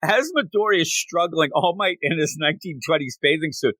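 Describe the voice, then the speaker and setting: A man hosting a podcast, recapping a manga chapter in a lively casual chat and laughing often. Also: on the high side, a little fast, no room sound. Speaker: podcast host.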